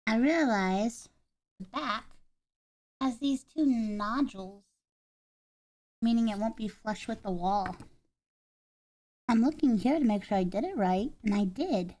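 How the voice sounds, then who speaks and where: A woman chatting casually while assembling a craft kit, deadpan and ironic, claiming to be calm before bursts of swearing. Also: a little high, unhurried, pauses often. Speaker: vlogger building a craft kit.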